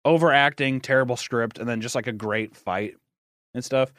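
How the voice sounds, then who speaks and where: A man's voice: mid-range voice, normal speed, fairly bright tone, no room sound, clean studio sound. A young adult man hosting a podcast in casual chat, rambling and laughing often as he reacts to movies.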